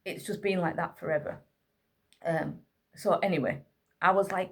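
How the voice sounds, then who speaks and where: A woman's voice: medium pitch, normal speed, slightly rough. A woman, a single mother, candidly and wearily telling a hard night with her autistic son to camera, worn out and near tears. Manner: candid, weary, tearful retelling. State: exhausted. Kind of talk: emotional personal vlog, talking to camera.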